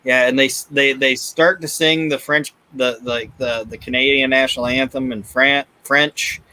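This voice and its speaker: Male podcast co-host, bright tone, loose chatty delivery. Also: medium pitch, steady tone, normal speed, poor audio. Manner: swears freely, laughs often. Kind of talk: casual chat recapping wrestling.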